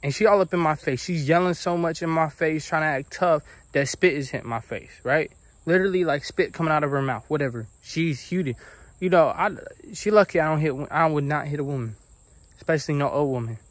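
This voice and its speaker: A young man telling a casual storytime about his own life, animated and acting out the people he quotes. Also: a little high, brisk, no room sound. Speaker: vlogger.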